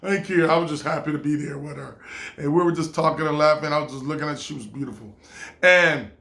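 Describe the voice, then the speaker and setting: A man's voice: fairly high pitch, fast, gravelly, pushed and bright. A man telling a casual personal story, rambling with fillers and restarts and acting out the quotes.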